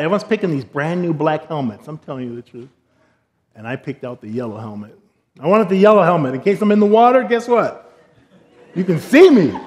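Man, high voice, animated storytelling preacher, jokey, middle-aged. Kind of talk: storytelling sermon.

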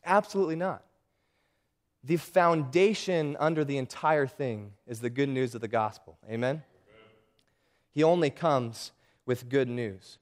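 Folksy preacher man, fairly high voice. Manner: folksy, calls for "amen" often. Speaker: pastor. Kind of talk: sermon.

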